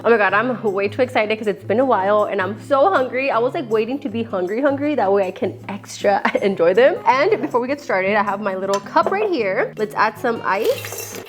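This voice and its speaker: A young woman, chatting casually to her viewers, giggly and a little out of breath, calling them girl and ladies. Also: on the high side. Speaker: beauty vlogger. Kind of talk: casual chat to camera.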